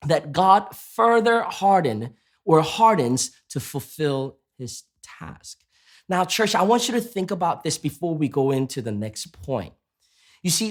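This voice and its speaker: Pastor guy preaching, emphatic, keeps asking the church questions. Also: high voice. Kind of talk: sermon.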